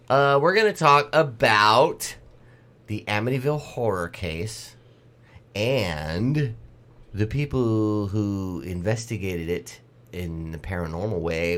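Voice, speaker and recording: Man, low voice, middle-aged, playful podcast host, casual joking chat. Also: animated, unhurried, fairly bright tone. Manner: jokey, puts on spooky voices. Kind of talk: casual banter.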